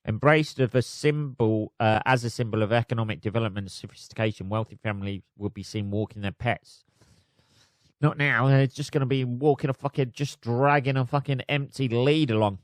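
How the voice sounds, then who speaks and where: Speaking fairly quickly in a medium-pitched voice, a solo podcast host reads news aloud and riffs on it in a sardonic, profane style, laughing at his own jokes. The studio sound is clean with no echo.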